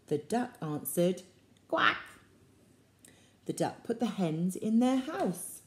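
A woman reading a picture book aloud to young children, expressive and slow, slipping into soft whispers for asides. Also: medium pitch. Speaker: storyteller for children. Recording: echoey room.

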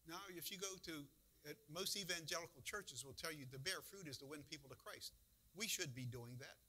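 Man, pastor, casual folksy sermon, bright forceful tone, slightly high voice. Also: fairly quick, low-quality recording. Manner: folksy, conversational preaching with emphatic bursts.

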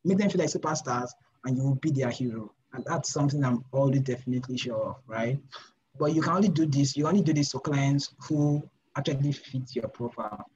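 A man's voice: medium pitch, darkish tone, a little hiss or hum. A young man mentoring designers in an informal live session, emphatic and repetitive, firing off rhetorical questions. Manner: emphatic, repeats phrases, fires rhetorical questions. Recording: slightly dull lo-fi recording.

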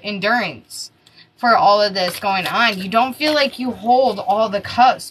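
A woman in her thirties giving a casual weekly tarot horoscope reading, animated and breathless, swearing freely. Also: a little high, low-quality recording. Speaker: tarot reader.

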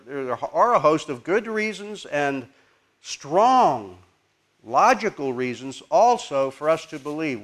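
A man with a somewhat high speaking voice teaches a congregation. His delivery is informal and conversational, with restarts, and he stops now and then to put questions to the listeners. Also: fairly bright tone. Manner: informal, halting, asks the audience questions. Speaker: preacher teaching apologetics.

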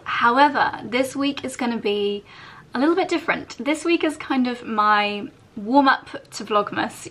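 A woman's voice: fairly high pitch, a bit bright. A woman in her thirties chatting to camera in a bubbly, giggly morning vlog at home. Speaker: fashion vlogger.

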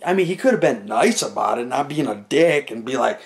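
A young man talks straight to the camera in a loose, rambling stand-up style, acting out the moves as he goes. His voice sits at an ordinary middle pitch, and he keeps filling gaps with "like" and "you know". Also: animated, fairly quick, hardly any pauses. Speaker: comedian telling a story to camera. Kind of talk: casual stand-up storytelling.

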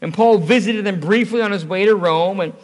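A man's voice: high-pitched, fairly quick. A man preaching an evening sermon as pastor, conversational and storytelling, asking the congregation rhetorical questions. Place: church. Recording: church hall reverb.

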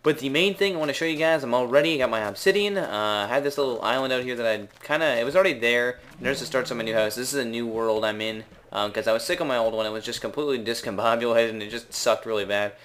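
A young man with a Canadian accent giving casual, rambling gameplay commentary, unsure of himself, with drawn-out words. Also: medium pitch, a bit bright. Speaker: gaming video maker.

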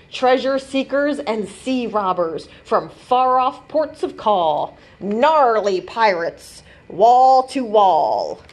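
A woman librarian hosting a bedtime storytime for children, reading a rhyming picture book aloud in an animated, sing-song way. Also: high voice.

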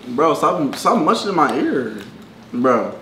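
A man's voice: fairly high pitch, sing-song, slow, noisy background. A man, bluntly bickering with his sister at home. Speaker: brother in a sibling challenge. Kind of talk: casual banter. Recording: echoey room with music behind.

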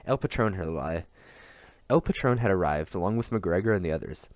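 Man, reading a novel aloud, steady, gravelly, dry close sound. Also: low-pitched, brisk, no room sound, dull audio. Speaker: audiobook reader.

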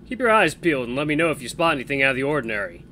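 A man voicing a friendly, straightforward young guard who talks loud and hearty. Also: medium pitch, big pitch swings, racing, slight background noise.

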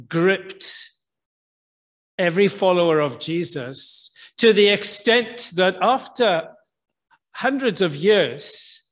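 A man preaching a sermon in a church, earnest, slowing down for emphasis, with frequent restarts. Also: sits high, fairly bright tone. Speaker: pastor.

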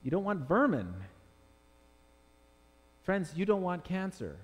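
A man's voice: high-pitched, big pitch swings, slow, slightly rough. A man preaching from the pulpit with a somewhat raised voice, driving his points home with rhetorical questions to the congregation. His voice rings with a long church reverb. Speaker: pastor. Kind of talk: sermon.

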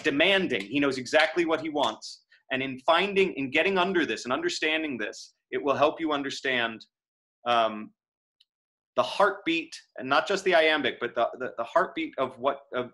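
A man giving a lecture on verse scansion, thinking aloud and reading lines slowly with stress. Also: mid-range voice, lively intonation, pushed and bright.

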